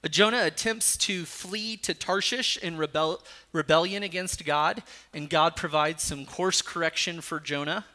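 A man's voice: fairly high pitch, measured pace, few pauses, bright, forceful tone. A man preaching a sermon, reading scripture aloud between teaching points and rising sharply when he voices a character's anger. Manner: rises sharply when voicing Jonah's anger. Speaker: pastor.

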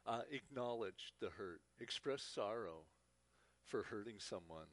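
A man's voice: lowish voice, expressive, measured pace. Earnest man teaching a church class. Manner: earnest, often repeats words as he goes.

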